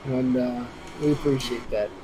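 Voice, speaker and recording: A man's voice: medium pitch, fairly even intonation, moderate pace, over music, poor audio. Chatty man calling an esports race. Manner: chatty, laughs easily, restarts mid-sentence. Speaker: race commentator.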